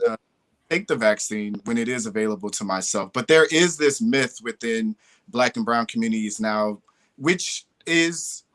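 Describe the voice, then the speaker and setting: A man hosts a live discussion in a chatty, candid way. He leans into his points with lively emphasis, and his voice sits in an ordinary middle pitch. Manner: conversational, candid and animated. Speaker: host.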